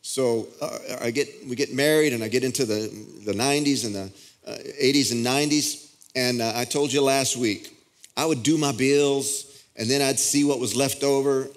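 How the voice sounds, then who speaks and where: Pastor preaching in a casual way. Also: male voice, mid-range voice, moderate pace. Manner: conversational preaching with frequent restarts. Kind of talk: sermon. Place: church auditorium.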